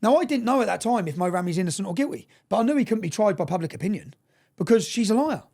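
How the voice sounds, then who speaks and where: A man telling a story fast and bluntly in a casual interview, swearing freely and often checking in with "yeah?". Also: high voice, expressive, dark tone.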